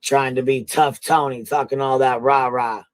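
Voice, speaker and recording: Sex: man. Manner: loud, joking, profane panel talk. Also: medium pitch, flat delivery, moderate pace, no room sound. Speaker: panel guest. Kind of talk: casual livestream chat.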